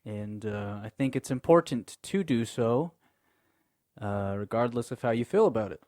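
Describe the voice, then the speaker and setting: A man's voice: mid-range voice, animated, normal speed, a little mellow, dry recording, studio quality. A young man hosting a casual podcast chat, loose and rambling, laughing often and cursing casually. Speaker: podcast host. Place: small room with co-hosts in person.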